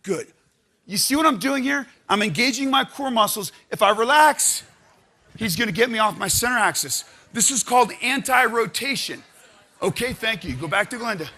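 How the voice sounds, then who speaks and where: A man leading a live audience through stretching and partner exercises, coaching energetically and counting out loud. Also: very high voice, expressive, moderate pace. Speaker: exercise instructor. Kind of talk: live workshop exercise instruction. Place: conference room with audience.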